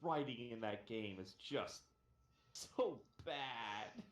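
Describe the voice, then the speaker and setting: A man's voice: medium pitch, lively intonation, slow. Ranting, sarcastic male stream host. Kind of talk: casual profane banter on a live stream. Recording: echoey room.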